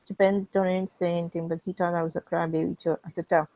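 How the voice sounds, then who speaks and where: A woman with a lowish voice and a strained throat reads a fan story aloud, steady and plain. She drops in chatty asides to viewers between passages. The sound is dry and close. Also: fast, no room sound, poor audio. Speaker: fan reading fanfiction in character.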